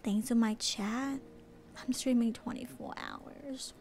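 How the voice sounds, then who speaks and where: A female livestreamer chatting in whispered role-play, soft and bubbly, at home at night. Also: fairly high pitch, slow, slight background noise.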